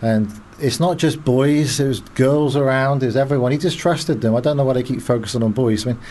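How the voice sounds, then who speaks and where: A man with a slight South African tinge, a radio guest telling anecdotes in a halting way, full of fillers and restarts. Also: mid-range voice, dark tone, slight background noise. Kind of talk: anecdotal interview talk.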